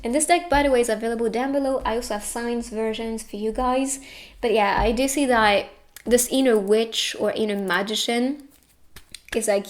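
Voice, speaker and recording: A woman's voice: on the high side, fairly even intonation, moderate pace. A young woman giving a casual tarot reading, earnest and reassuring, getting tearful at times. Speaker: tarot reader.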